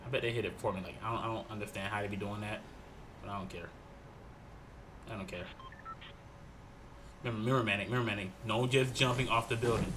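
A man giving jokey, excitable commentary while playing a video game, swinging from low mutters to loud shouts. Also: quick pace, long pauses, noisy background. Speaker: gaming channel host. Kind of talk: Let's Play commentary.

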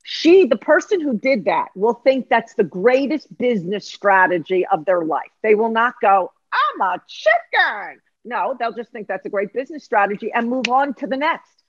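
Brief: lively, emphatic female life coach, middle-aged, lo-fi dry podcast sound. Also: a little high, normal speed, dry recording. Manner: emphatic, lively, acts out voices. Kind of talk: animated teaching in conversation.

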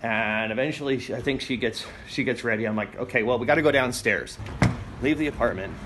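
A man's voice: medium pitch, a little fast, noisy background. Rambling man telling a story. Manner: rambling, plain-spoken storytelling with many fillers. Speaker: vlogger. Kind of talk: casual first-person account. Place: his apartment and building, walking around.

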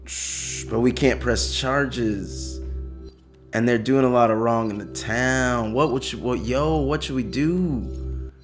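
A man's voice: mid-range voice, slow pace, soft background music. A young man casually commentating a story video game for viewers, joking and chatting to them. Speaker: gaming YouTuber. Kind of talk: let's play commentary.

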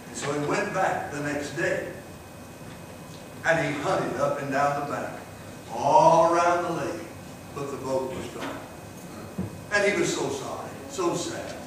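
High-voiced revival preacher in an echoey church. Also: male voice, measured pace. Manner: fervent preaching that swells on key phrases; drops to a soft storytelling voice for an illustration. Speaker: guest preacher. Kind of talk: revival sermon. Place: church sanctuary. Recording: very echoey, distant, noisy room recording.

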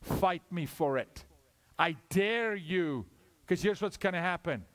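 A male guest preacher, giving a sermon that swings from loud, high peaks to hushed, low asides. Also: expressive, slow pace.

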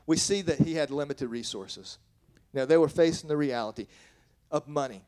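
A man's voice: on the high side, normal speed, darkish tone. A man preaching a sermon as pastor, earnest and plain-spoken, reading scripture and then explaining it, often restarting his sentences. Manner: earnest, with frequent restarts and self-corrections.

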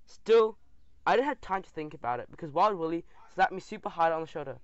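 A man reading an audiobook in an animated, expressive way. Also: on the high side, brisk, no echo. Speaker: audiobook narrator. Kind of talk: scripted audiobook narration. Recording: dull dry audio.

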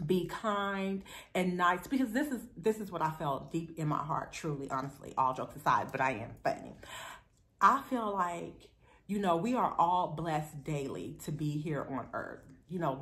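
Middle-aged woman vlogging, lowish voice, chatty and playful, gets emotional. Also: a bit bright. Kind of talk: casual chat to camera.

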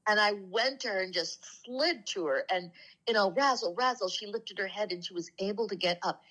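Co-hosting a spiritual talk show, a medium-pitched woman recounts personal stories casually and earnestly, dropping to a slower, softer voice for the emotional parts. The recording is rough.

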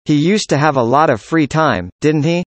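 Speaker reading practice dialogues, mid pitch. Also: lively intonation, moderate pace, dry recording. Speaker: dialogue reader. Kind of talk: scripted conversation practice.

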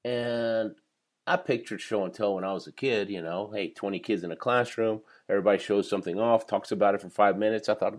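A man's voice: fairly low pitch, normal speed, a little mellow. A man in his fifties, a professional speaker, telling his life story in a podcast interview with energy and frequent laughter. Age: 50s.

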